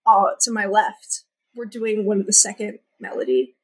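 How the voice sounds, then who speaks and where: A woman's voice: medium pitch, lively intonation, normal speed, slightly rough, low-quality recording. A young woman singer-songwriter chatting casually as an interview guest, with lots of "like" fillers. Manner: chatty, many "like" fillers, laughs often.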